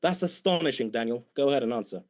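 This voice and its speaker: A man's voice: medium pitch, lively intonation, fast. A man with a British accent debating heatedly, mocking and combative toward his opponent.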